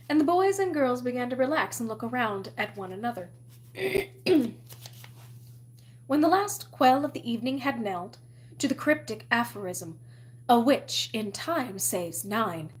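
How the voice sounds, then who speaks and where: A woman reading a novel aloud in an expressive storytelling manner. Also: a little high. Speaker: reader.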